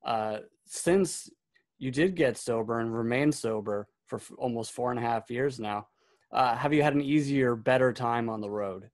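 A man's voice: medium pitch, normal speed, a little mellow. A man interviewing a guest, giving short supportive replies and asking casual questions. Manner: supportive, brief affirmations.

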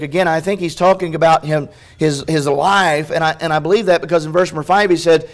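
Male pastor, fairly high voice, preaching with swings from soft to loud. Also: fairly even intonation, brisk, few pauses. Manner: impassioned preaching that swings from hushed to loud, with restarts. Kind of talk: sermon. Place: church sanctuary.

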